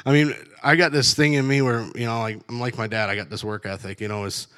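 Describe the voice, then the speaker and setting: A man's voice: on the low side, steady tone, brisk, fairly bright tone. A middle-aged man with a blunt, laughing storytelling manner, giving a casual faith testimony about life as a truck driver. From Canada.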